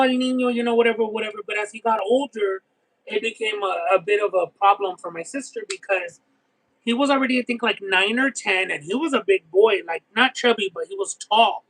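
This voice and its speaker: A man chatting casually on a livestream, talkative and expressive, who swears now and then and keeps saying "you know what I mean.". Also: high voice, a little fast, rough recording. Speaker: streamer reading chat.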